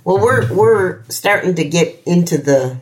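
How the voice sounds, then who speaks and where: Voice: medium pitch, lively intonation, measured pace. A host chatting in an easygoing, conversational way during an interview. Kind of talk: casual interview chat.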